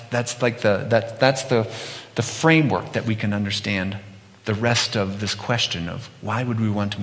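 A middle-aged man giving a conversational sermon, telling animated stories and acting out quotes. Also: fairly low pitch. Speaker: pastor. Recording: long hall reverb.

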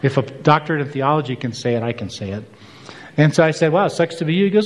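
A man's voice: on the high side, animated, fast talker, in a large hall. A man preaching a sermon, telling a personal story and acting out both sides of a conversation.

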